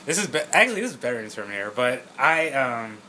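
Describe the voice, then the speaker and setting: A man's voice: mid-range voice, big pitch swings, fast, pushed and bright, slight background noise. A man co-hosting a casual film review podcast, laid-back and hesitant, swearing casually. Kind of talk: casual movie review chat.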